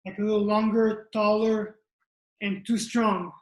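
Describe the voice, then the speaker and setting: A man's voice: high voice, level tone, unhurried. A man, a fighter answering interview questions in plainspoken short phrases. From Israel. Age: 20s. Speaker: mixed martial arts fighter. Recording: echoey room.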